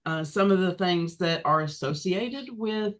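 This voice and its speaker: Chatty woman podcast host. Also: lowish voice. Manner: relaxed, many ums and pauses. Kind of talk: casual chat.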